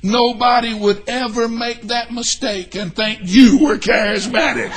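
A man with a Southern US accent preaching a sermon as a pastor, exuberant and shouting, breaking into high whoops and laughter. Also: measured pace, hardly any pauses, slightly rough. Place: church sanctuary.

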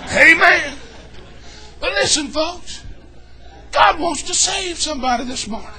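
A man preaching a fervent, folksy sermon in a church, shouting and whooping as he jokes with the congregation. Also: very high-pitched, lively intonation, unhurried. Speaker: pastor.

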